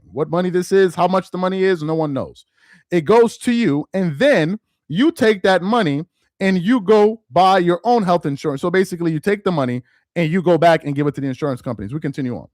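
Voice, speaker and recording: A man hosting a live-stream commentary, reading aloud slowly with heavy emphasis and mocking what he reads. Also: high voice, lively intonation, a little mellow, no room sound, clean studio sound. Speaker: political commentary host.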